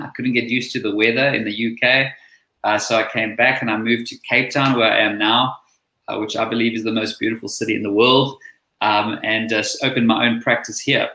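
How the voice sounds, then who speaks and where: A South African man speaks in an earnest, friendly way about his work and life. His voice is bright and forward. The sound carries a roomy echo, as if recorded on a video call. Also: medium pitch. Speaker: guest, chiropractor and coach. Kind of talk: casual interview talk.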